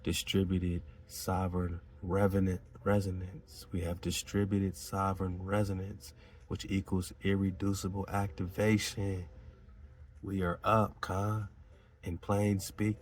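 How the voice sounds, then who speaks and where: Slow, deep-voiced preachy male host. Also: a little mellow, slight background noise. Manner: preachy, emphatic, slangy asides, chuckling. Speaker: podcast host. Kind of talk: reading aloud and commenting.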